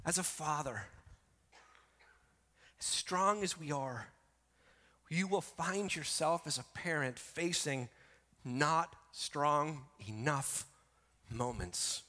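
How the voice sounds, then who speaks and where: Male pastor, high bright voice, emphatic sermon delivery, long hall reverb. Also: slow, pauses often. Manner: emphatic preaching, swings between soft and loud.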